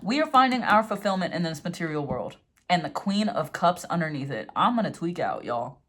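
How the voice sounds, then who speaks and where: Animated, cursing young woman tarot reader. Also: fairly low pitch, brisk, a little hiss or hum. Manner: animated, swears freely, gets worked up then reads affirmations softly. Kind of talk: casual tarot reading monologue.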